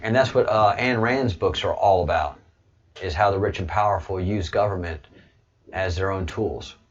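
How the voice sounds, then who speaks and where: A man's voice: low voice, moderate pace. A man hosting a casual live chat stream, rambling with chuckles and many hesitant fillers. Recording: dull lo-fi stream audio.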